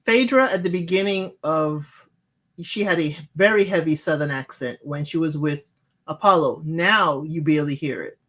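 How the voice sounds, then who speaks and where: An American speaker with West Indian roots co-hosting a casual chat, explaining things in a measured way with frequent fillers. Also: medium pitch, fairly bright tone.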